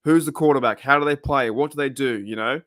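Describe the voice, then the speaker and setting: A man's voice: medium pitch, fast, fairly bright tone, dry recording, clean studio sound. A young Australian man chatting casually on his channel, rambling off on tangents and chuckling often. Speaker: channel host. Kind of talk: casual live-stream chat.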